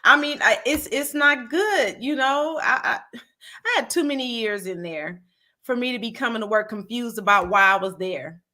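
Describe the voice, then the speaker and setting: Woman, middle-aged, podcast co-host, casual chat, bright tone, higher voice, keeps agreeing. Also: expressive. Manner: frequent agreeing backchannels, drawn-out phrasing.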